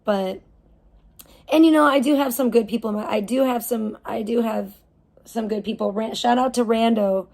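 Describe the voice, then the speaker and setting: A woman's voice: a little high, moderate pace, vocal fry, darkish tone. A woman live streamer in a casual, heated rant, swearing often and rambling with restarts. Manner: profane, heated ranting.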